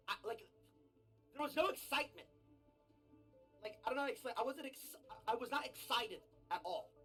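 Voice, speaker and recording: Brash husky male streamer ranting. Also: extremely high pitch. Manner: brash, profane, swings into shouting rants. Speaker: game streamer. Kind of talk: ranting gaming stream talk.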